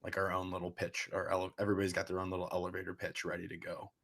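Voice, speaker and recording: A young man hosting a podcast, asking questions in a relaxed, casual way with frequent filler words. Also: sits low, racing, vocal fry. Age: young adult. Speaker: podcast host. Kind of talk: casual interview chat.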